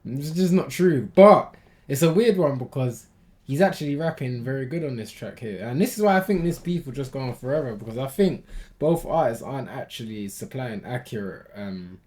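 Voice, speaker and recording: British male reaction host; lively, slangy, loud then low. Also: moderate pace. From United Kingdom. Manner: animated, slangy, jumps between loud outbursts and low asides. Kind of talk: casual reaction commentary.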